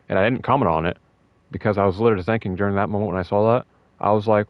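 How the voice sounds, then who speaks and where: A young man talking in a casual, rambling way about a fighting game, emotional and excited, with many fillers and restarts. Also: lowish voice, racing, no echo, dull audio. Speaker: gaming video host.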